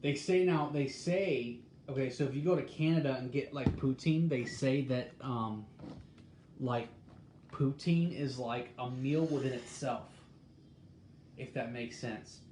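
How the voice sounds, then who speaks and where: A man in casual talk, reading a recipe aloud and musing in a halting way as he thinks out loud. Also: mid-range voice. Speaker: host. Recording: echoey room with faint background noise.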